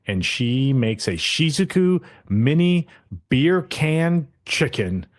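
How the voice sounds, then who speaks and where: A man's voice: a little high, sing-song, slow. A man hosting a podcast, casually recapping an anime episode and acting out the characters' lines with frequent swearing.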